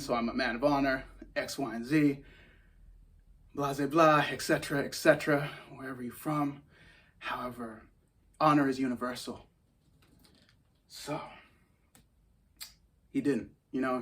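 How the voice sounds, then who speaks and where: Young male host, mid-pitched, rambling, excitable, laughs a lot. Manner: excitable, rambling, laughs often, acts out scenes. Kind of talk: casual commentary.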